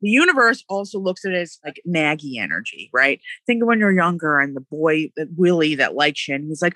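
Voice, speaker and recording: A woman talks mindset in a lively, emphatic way, slipping into quick acted-out voices as she makes her points. Her voice is bright and forward. The sound is close and dry, with no room around it. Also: fairly low pitch, no room sound. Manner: animated, emphatic, acts out quoted voices. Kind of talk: casual motivational chat.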